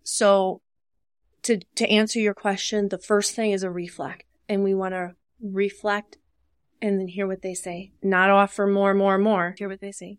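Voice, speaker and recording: A woman's voice: medium pitch, flat delivery, moderate pace, clean tone, dry recording, studio quality. A woman with an Upper Midwest American accent, a dementia care professional, earnestly explaining caregiving tips in a podcast interview and acting out short example dialogues. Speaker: dementia care business owner and social worker.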